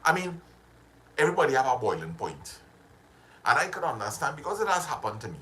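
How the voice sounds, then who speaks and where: Animated man. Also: medium pitch, fairly quick. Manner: animated, repetitive, drifts into greeting viewers. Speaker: live-stream host. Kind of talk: casual motivational live stream.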